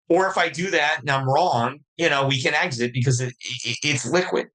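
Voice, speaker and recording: A man speaking as a podcast guest, talking casually about running a fund, with quick restarts and acted-out quotes. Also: fairly high pitch, pushed and bright, low-quality recording. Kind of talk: casual interview talk.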